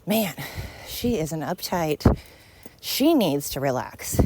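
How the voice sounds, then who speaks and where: A middle-aged woman hosts a casual, rambling podcast monologue while walking uphill outdoors, with yard work noise around her. Chatty and blunt, she swears freely, pokes fun at herself, and is a little out of breath. Her low-pitched, sing-song voice is slow, a little mellow and husky, with no room sound.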